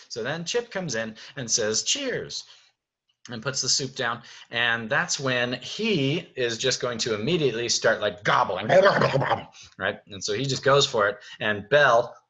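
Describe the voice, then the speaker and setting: A man's voice: medium pitch, pushed and bright, husky. A man directing a stage musical, walking his cast through the staging in a casual, chatty video, checking in with "right?" and "okay?". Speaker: theater director.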